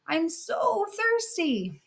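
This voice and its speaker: A woman voicing a hunched, smelly old hag who pleads for water in a drawn-out, quavering voice. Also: extremely high pitch, big pitch swings, pitched above the performer's own voice, heavily acted. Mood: pleading.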